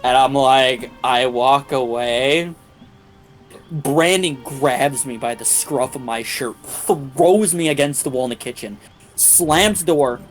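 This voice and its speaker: Soft music plays behind a medium-pitched man who takes his time telling a long story during a game stream. The chat is casual and full of profanity, and he animates the tale by voicing the people in it.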